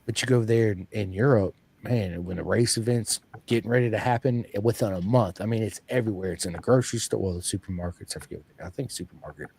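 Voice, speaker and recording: A man hosting a podcast in casual chat, an energetic storyteller who acts out quoted lines. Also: fairly low pitch, quick pace, gravelly, few pauses, husky. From United States. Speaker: podcast host.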